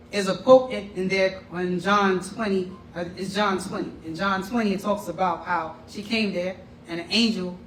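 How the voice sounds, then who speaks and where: A man's voice: sits high, fairly bright tone. A man teaching a class in a casual, conversational way, often checking in with his listeners. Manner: conversational, often checks in with "right?" and "you know what I'm saying?". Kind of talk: informal lecture. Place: room with a class. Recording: roomy and distant with faint noise.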